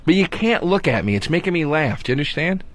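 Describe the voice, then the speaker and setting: A man's voice: fairly high pitch, very animated, fast, slight background noise. A man in his thirties co-hosting a comedy radio show, arguing defensively, laughing a lot and swearing. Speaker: radio co-host. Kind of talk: bickering comedy radio banter.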